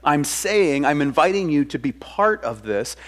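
A man speaking as God, who comes across patient and inviting and presses his point in an earnest, slightly exasperated way. The voice is mid-pitched, fairly loud and firm, and close to plain everyday speech. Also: sing-song, normal speed. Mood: insistent.

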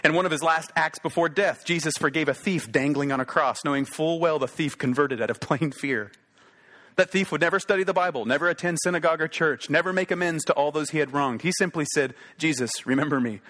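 Male pastor, mid-pitched, earnest sermon delivery with emphatic repetition. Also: fairly bright tone.

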